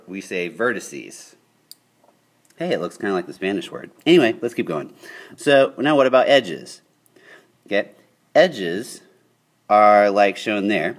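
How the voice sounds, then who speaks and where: Lively low-voiced math teacher. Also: male voice. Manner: upbeat, checks in with "okay?" often. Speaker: high school geometry teacher. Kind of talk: classroom video lesson.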